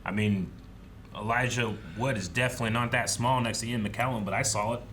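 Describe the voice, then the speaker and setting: A man's voice: medium pitch, fairly even intonation, fairly quick, fairly bright tone, a little hiss or hum. A man co-hosting a reaction show, chatting casually and making dry, joking asides. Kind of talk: casual chat.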